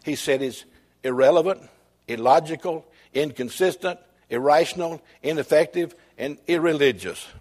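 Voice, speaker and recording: A pastor delivers a sermon in a voice that sits a little high with a darkish tone. He tells homespun stories and leans on the key lines with slow, weighty emphasis.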